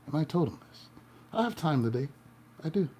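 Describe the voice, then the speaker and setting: A man, a tarot reader and life coach, telling a story to his viewers in a playful way, swinging between loud and hushed and laughing often. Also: on the high side, big pitch swings, a little fast, slight background noise.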